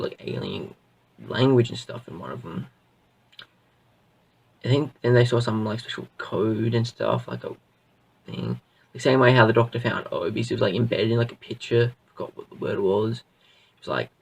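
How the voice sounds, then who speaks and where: A man's voice: medium pitch, animated, normal speed, creaky, slightly rough, distant mic, rough recording. A man reviewing a show in a casual, rambling way, full of fillers and restarts. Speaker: video reviewer.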